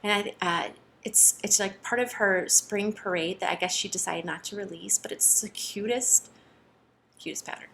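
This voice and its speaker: A woman chatting casually to camera about her cross-stitch projects, excitable, with many fillers and restarts. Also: mid-range voice, moderate pace, creaky, slight background noise.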